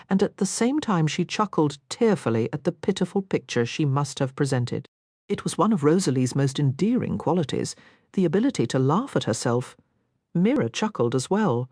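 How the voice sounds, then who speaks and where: A woman narrating an audiobook in a scripted, expressive reading on a close mic. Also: sits low, normal speed, dry recording.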